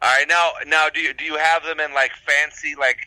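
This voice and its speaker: A man co-hosting a casual chat show, talking in a halting way with lots of fillers and restarts. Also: fairly high pitch, level tone, pushed and bright, dry recording, rough recording. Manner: hesitant, many fillers and restarts. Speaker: podcast co-host.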